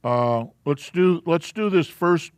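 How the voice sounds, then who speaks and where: A man's voice: on the high side, expressive, slow pace, clean tone, no echo. A man teaching the Hebrew alphabet to a live class in a church, patiently walking through letters and sounds step by step.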